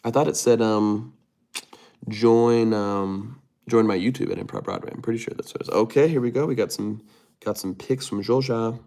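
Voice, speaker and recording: A man's voice: fairly low pitch, normal speed, vocal fry, mellow. A man hosting a casual livestream, reading viewer comments aloud and muttering to himself while he types. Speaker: livestream host.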